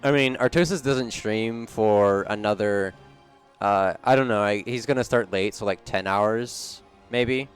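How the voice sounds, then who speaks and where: A man with a low, smooth, resonant voice co-casts a live esports match. He talks in dry, deadpan asides, rambling a little, over faint music. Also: a little slow. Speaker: esports co-caster.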